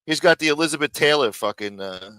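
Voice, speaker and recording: Stream host, male, profane and mocking, forceful dry delivery. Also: a little high, animated, fast talker, clean tone, no room sound. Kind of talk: live stream reaction commentary. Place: home studio.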